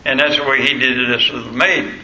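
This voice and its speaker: A man's voice: mid-range voice, fairly even intonation, fairly quick, sharp tone. An older man, a pastor preaching a folksy sermon and telling homespun stories full of "uh" fillers. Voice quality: gravelly, homespun. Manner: plain-spoken, storytelling, frequent "uh" fillers. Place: church sanctuary. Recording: echoey church sanctuary.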